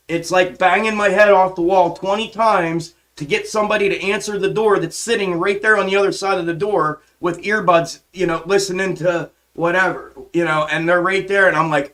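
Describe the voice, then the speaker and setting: This is a fiery, profane monologue from a man who live streams about stock trading, his voice fairly high and bright in tone, apparently captured on a home desk mic. Exasperated, he loops back to the same points again and again, stumbling into false starts and repeating himself.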